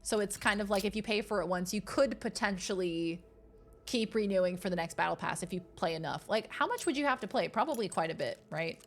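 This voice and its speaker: A young adult woman streaming a game, chatting casually with her chat, excitable and easily rattled. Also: mid-range voice, brisk.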